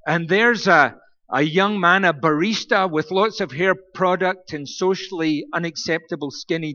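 A man's voice: sits high, bright, forceful tone. A man giving a humorous sermon as a guest preacher, telling wry, self-mocking stories. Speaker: guest preacher from a church planting network. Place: church. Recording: dull recording in a reverberant hall.

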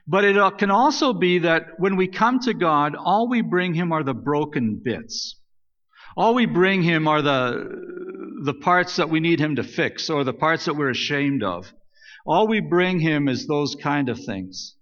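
Pastor, male, slightly high voice, relaxed sermon style, dull recording with long reverb. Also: measured pace. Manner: conversational, self-correcting, reads scripture aloud. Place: church sanctuary.

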